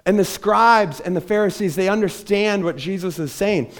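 A man's voice: high voice, normal speed. A man preaching a sermon from a church stage, telling the story with animation and acting out the voices of the people in it. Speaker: pastor.

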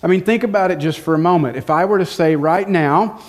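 A man's voice: on the high side, animated, fast talker. A middle-aged man preaching a sermon in a church, conversational and jokey with self-deprecating humor. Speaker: pastor. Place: church sanctuary.

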